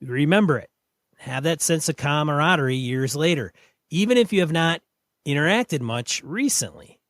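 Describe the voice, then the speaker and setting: A man's voice: on the high side, expressive, normal speed, a bit bright, dry recording, clean studio sound. A man co-hosting a gaming podcast, talking bluntly and plainly as he chats and reads listener mail aloud. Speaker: podcast co-host. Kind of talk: casual podcast chat and reading listener mail.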